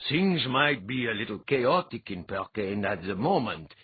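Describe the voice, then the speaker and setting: A man voicing a practical nobleman who speaks in a measured, wry way. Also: on the low side, very animated, slightly rough, no echo, heavily acted. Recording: dull lo-fi audiobook recording.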